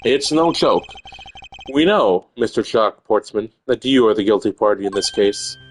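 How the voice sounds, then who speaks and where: A man's voice: fairly low pitch, lively intonation, normal speed, soft background music, pitched below the performer's own voice, natural voice. A man voicing a stern, haughty male prosecutor who accuses in formal, theatrical speech. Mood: accusing.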